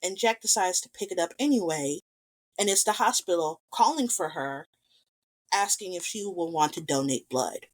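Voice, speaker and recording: A woman's voice: fairly low pitch, normal speed. Woman animatedly retelling a film plot. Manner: animated retelling, acting out quotes. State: recovering from strep throat. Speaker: podcast co-host. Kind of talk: casual film discussion.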